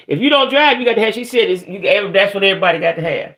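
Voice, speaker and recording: Middle-aged woman ranting on her livestream, swearing a lot and fed up, shouting out chat folks by name. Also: mid-range voice, lively intonation, very fast, few pauses. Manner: profane, venting, greets chat viewers by name. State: aggravated. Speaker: livestream host. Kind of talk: casual livestream rant.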